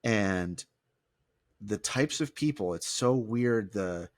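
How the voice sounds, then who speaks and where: A man, a former pastor, talking in a casual podcast conversation, animated and quick to restart his sentences. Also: fairly low pitch, no echo, studio quality. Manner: animated, restarts often, mimics people in quotes.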